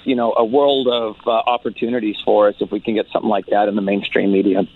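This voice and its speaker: A man who does stand-up comedy, telling an animated story and acting out his own lines in a higher voice. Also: fast talker, no echo. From California. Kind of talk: podcast guest storytelling. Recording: tinny phone-like line.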